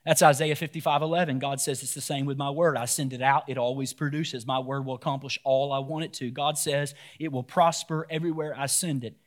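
A pastor preaching a sermon to his church, swinging between loud, animated outbursts and quiet, emphatic points. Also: mid-range voice, fairly quick, hardly any pauses.

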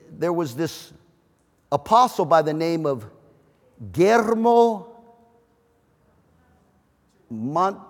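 High-voiced man preaching in a hall. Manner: emphatic, joking, shouting at peaks. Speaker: pastor. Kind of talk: sermon. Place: church auditorium. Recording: reverberant hall.

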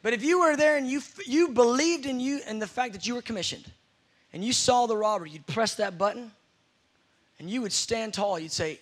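A man's voice: extremely high pitch, normal speed. A man preaching a sermon, telling stories with playful acted-out scenes.

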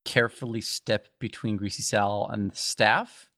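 A player at a tabletop game, animated and laughing in casual talk. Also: medium pitch, measured pace, no room sound, studio quality.

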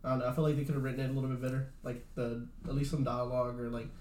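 Fast-talking young man in an echoey room. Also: medium pitch, level tone, darkish tone, a little hiss or hum. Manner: rambling, swears a lot, says "like" often. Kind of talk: casual chat. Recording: roomy echo.

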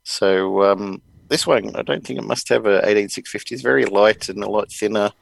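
A man's voice: lowish voice, normal speed, creaky, low-quality recording. A man hosting a podcast, chatting casually and rambling with many fillers. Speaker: podcast host. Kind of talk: casual chat.

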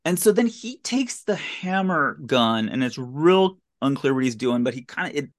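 Animated and medium in pitch, the voice moves at a normal speed. It belongs to a podcast host doing a casual comedy recap of a bad film, full of incredulous, sarcastic running commentary and bafflement.

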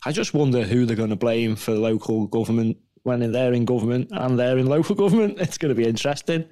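A man's voice: medium pitch, quick pace, warm tone. A man on a podcast panel making wry remarks and telling dad jokes. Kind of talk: casual banter.

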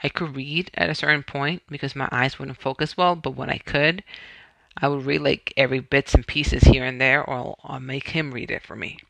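A man's voice: medium pitch, fairly even intonation, normal speed, gravelly, a bit bright, dry recording. A man from Puerto Rico, a podcast host, retelling his own health story in a conversational way and often correcting himself.

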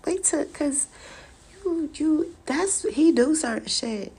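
A woman's voice: sits high, animated, takes it slowly, mellow. A woman hosting a podcast, venting in a casual, profane, exasperated way and often breaking into laughter. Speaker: podcast host.

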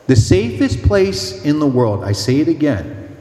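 A man's voice: fairly high pitch, sing-song, measured pace, mellow, roomy sound, in a large hall, a little hiss or hum. A man who is a priest, delivering a sermon with emphatic, humorous storytelling.

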